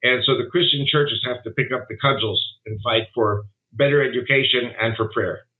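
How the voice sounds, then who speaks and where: A man's voice: mid-range voice, steady tone, normal speed. A man being interviewed remotely, talking emphatically and wandering from point to point as he makes his case. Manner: emphatic, digressive storytelling. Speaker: guest commentator. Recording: tinny phone-like line.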